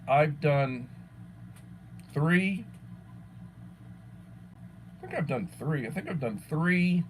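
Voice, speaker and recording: A man's voice: on the high side, expressive, slow, slight background noise, rough recording. Chatty middle-aged man hosting a livestream. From Texas. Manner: chatty, greets viewers by name, repeats words when thinking. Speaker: livestream host. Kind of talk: casual livestream chat.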